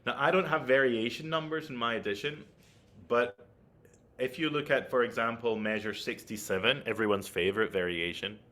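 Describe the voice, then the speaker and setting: A man's voice: mid-range voice, moderate pace, bright, forceful tone. A man giving an online flute masterclass, explaining technique and checking in with his listeners as he goes. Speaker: flute teacher.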